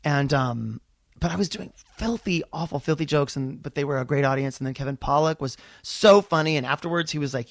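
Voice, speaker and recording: A male comedian telling a long story in casual chat, fast and profane, acting out the people he quotes. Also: fairly high pitch, no echo, studio quality.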